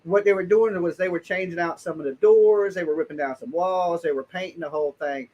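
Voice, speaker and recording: A man's voice: sits high, a little fast, a little mellow, muffled recording. A man hosting a live call-in show, telling stories in blunt slang with casual swearing.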